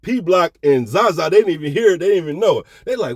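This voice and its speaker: A middle-aged man telling a story in a casual, animated way, heavy on slang, and often checking that the listener is following. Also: high-pitched, fast talker, husky, no echo.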